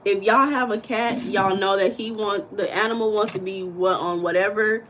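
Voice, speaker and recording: An American woman hosting a casual livestream, chatting and reading viewer comments in a blunt, animated way, with occasional swearing and emphatic bursts. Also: medium pitch, moderate pace, slight background noise, low-quality recording. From United States. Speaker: livestream host.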